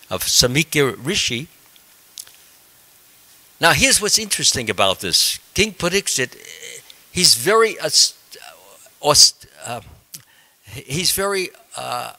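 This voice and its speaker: A man, a monk, telling a scripture story in a class, halting with frequent ums and restarts. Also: a little high, pushed and bright.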